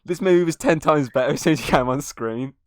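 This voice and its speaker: A man's voice: fairly high pitch, fast talker, dry recording, clean studio sound. A young man hosting a podcast, retelling film scenes in casual chat, swearing and laughing often. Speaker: podcast host. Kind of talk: casual movie review chat.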